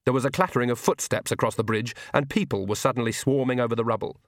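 A man reading an audiobook in a measured, wry tone. His mid-pitched voice is recorded close and dry, with no room sound. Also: no echo. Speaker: audiobook narrator. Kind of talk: scripted narration.

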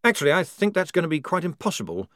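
A man's voice: a little high, big pitch swings, fast talker, a bit bright, dry recording, clean studio sound, pitched above the performer's own voice. A man voicing an eager, flustered young male writer who talks in a pleading rush. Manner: breathless, pleading, fussy.

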